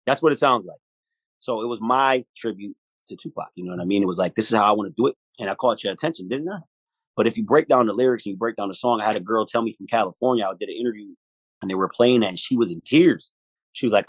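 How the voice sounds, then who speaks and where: A lower-voiced man from Buffalo talks about his music as an interview guest. He is animated and profane, keeps saying "you know what I mean," and acts out other people's voices. The sound is dry and close. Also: fast talker, breathy edge, dry recording, poor audio. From United States, Buffalo, New York. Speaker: hip hop artist, guest. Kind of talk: casual interview talk.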